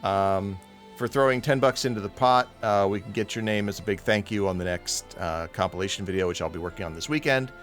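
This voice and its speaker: Male stream host, jokey, casual announcements, soft music bed. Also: on the low side, a little fast. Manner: joking, plugs the stream fundraiser. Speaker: host and commentator. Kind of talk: casual chat.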